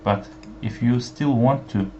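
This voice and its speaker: Slow-spoken man teaching a language lesson. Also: medium pitch, a little mellow. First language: Turkish. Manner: slow and deliberate, many uh fillers, repeats example phrases. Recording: dull lo-fi sound with faint background hiss.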